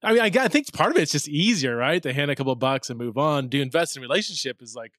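A man's voice: medium pitch, animated, fast talker, fairly bright tone, dry recording, clean studio sound. A man hosting an interview, asking questions casually and thinking aloud with a hesitant, filler-filled manner. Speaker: podcast host.

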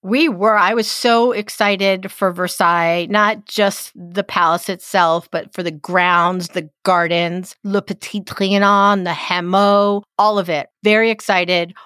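A woman's voice: medium pitch, steady tone, a little slow, hardly any pauses, fairly bright tone, no echo, clean studio sound. Enthusiastic woman podcast co-host. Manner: enthusiastic, laughs often. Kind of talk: casual travel chat.

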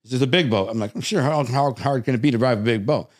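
A man from the Detroit area, a guest telling casual stories, animated and swearing, acting out the voices of people he quotes. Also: medium pitch, fast. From Detroit area, United States. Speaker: interview guest. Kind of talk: casual storytelling.

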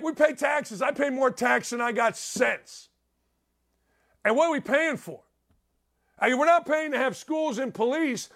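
Middle-aged male sports talk host, high-pitched, loud, ranting, opinionated. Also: creaky.

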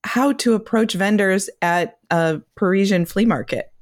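A woman's voice: medium pitch, unhurried. A woman interviewing a guest, appreciative and full of compliments. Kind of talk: interview conversation.

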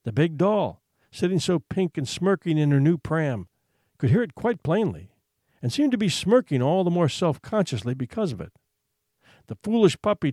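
A man narrating a story in an expressive, measured reading voice. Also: on the high side, dry recording, studio quality. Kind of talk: audiobook narration.

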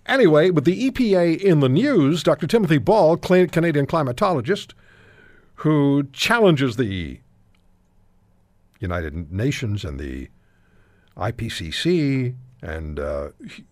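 A man's voice: medium pitch, sing-song, measured pace, no echo. A man hosting a talk radio show, interviewing guests and giving emphatic commentary with frequent restarts.

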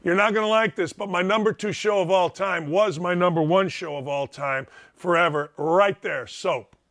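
A man's voice: sits high, normal speed, no room sound, studio quality. A man hosting his own show from home, talking straight to his audience in a casual monologue, emphatic and repeating lines for punch. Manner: emphatic, repeats lines for punch, keeps calling out "ladies and gentlemen". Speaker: show host.

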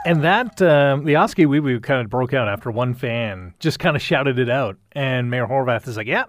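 A man's voice: mid-range voice, lively intonation, normal speed. A male local news reporter describing an event and interviewing a guest in a conversational way, with frequent filler words.

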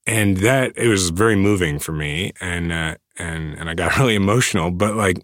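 A man in his thirties, a guest in a casual interview, speaking earnestly with many halting restarts. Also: deep voice, fairly bright tone, dry recording, clean studio sound.

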